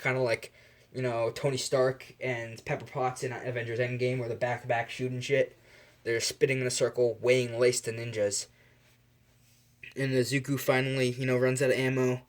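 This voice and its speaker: A young man improvising a fan story aloud, rambling and correcting himself as he goes, with lots of fillers. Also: mid-range voice.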